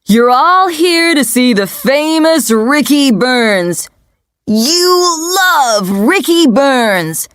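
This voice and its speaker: A bossy film director calls out instructions to a crowd of extras, as a woman storyteller puts him on. The delivery is very slow, with lively swings in pitch and a dry sound. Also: dry recording, heavily acted. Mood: rallying. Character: brisk film director giving crowd orders.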